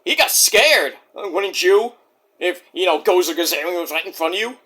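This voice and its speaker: A man's voice: high voice, animated, moderate pace, bright, forceful tone. Rambling, joking man recapping wrestling. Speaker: wrestling show reviewer. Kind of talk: casual recap vlog.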